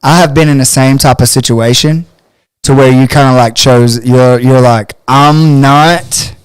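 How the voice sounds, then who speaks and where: A man with a mid-pitched voice chats casually as a podcast co-host and acts out quotes in a raised, animated voice. He is recorded close and dry. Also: normal speed, clean tone, dry recording. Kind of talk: casual chat.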